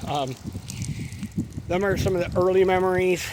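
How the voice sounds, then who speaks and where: A man's voice: sits high, normal speed, long pauses. Profane, rambling man. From Western New York. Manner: profane, meandering, laid-back. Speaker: vlogger. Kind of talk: rambling personal storytelling. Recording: traffic noise behind.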